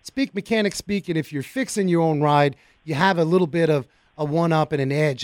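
High-voiced excitable male radio host. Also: a little fast, few pauses, dry recording, studio quality. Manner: excitable, folksy, talks to listeners directly. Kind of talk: casual radio talk. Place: radio studio. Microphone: studio mic.

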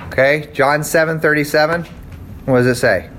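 A man's voice: a little high, normal speed, fairly bright tone, slight background noise. Man teaching a casual Bible lesson. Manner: conversational, checks in with "okay?" and "right?". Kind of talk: casual classroom lecture.

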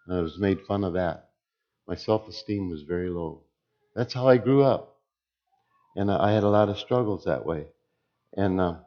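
In a dull, somewhat lo-fi recording, a deacon offers his personal testimony before his church. His voice is very deep, and he chooses each word with care, keeping his delivery slow and deliberate.

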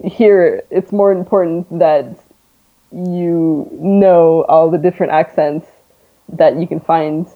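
Low-voiced woman over a tinny line. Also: fairly even intonation, slow pace. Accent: North American. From Canada. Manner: chatty, laughs often, many fillers. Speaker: interview guest. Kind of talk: casual conversation.

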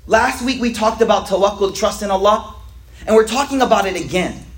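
A man with a high voice leads a casual religious lesson, and his speech rings around an echoey room. He rattles off Arabic text at speed, then breaks it down in slangy street English. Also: fairly bright tone. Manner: reads Arabic lines quickly, then explains them in slangy everyday English. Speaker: teacher of a weekly Islamic class.

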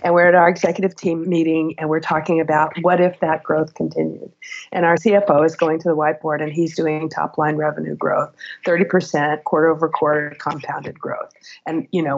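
Husky-voiced woman telling work stories. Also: low-pitched, highs cut off. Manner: animated, laughs while telling stories. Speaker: guest, former HR executive. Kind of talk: conversational interview storytelling.

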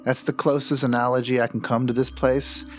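A man running a tabletop horror game as game master, telling the story in a dramatic, measured way. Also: mid-range voice, little pitch movement, faint music behind.

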